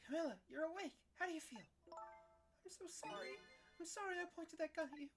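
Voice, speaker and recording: A man's voice: very high-pitched, normal speed, voice pushed up. A man voicing an earnest young woman detective. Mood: caring, earnest. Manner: earnest, protective. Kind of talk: reading game dialogue aloud. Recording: game music playing behind. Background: game background music.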